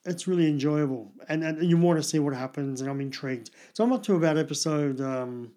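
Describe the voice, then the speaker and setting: Chatty man, slightly high voice. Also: a little fast, dark tone. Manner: chatty, rambling, self-deprecating. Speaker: podcast co-host. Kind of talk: casual chat about TV and movies.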